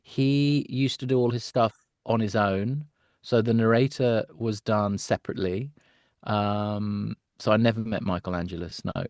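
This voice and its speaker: A middle-aged man, a voice actor, chatting in an interview as an animated storyteller who laughs often and slips into character voices. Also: on the low side, moderate pace, no echo, clean studio sound. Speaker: voice actor, guest. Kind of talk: casual interview chat.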